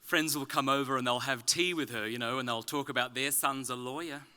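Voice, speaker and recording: A man from Australia with a softened, slightly British-leaning Australian accent, giving a conference talk with self-deprecating jokes before turning earnest and explanatory. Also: medium pitch, fairly even intonation, fairly quick, clean tone. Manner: joking, then earnest and explanatory. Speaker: speaker. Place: conference stage.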